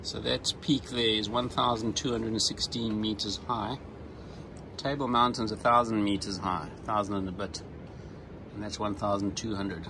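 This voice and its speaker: A man narrating a casual sailing travel vlog, relaxed and hesitant with frequent ums and uhs, recorded outdoors on a handheld camera. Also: on the low side, normal speed, gravelly. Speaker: sailing vlogger. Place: outdoors on an island. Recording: windy outdoor noise.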